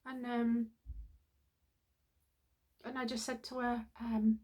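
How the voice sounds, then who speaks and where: A woman's voice: on the high side, little pitch movement, slow, pauses often, dark tone. Earnest middle-aged woman telling a story. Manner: earnest, heartfelt, rambling. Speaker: vlogger. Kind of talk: casual personal storytelling.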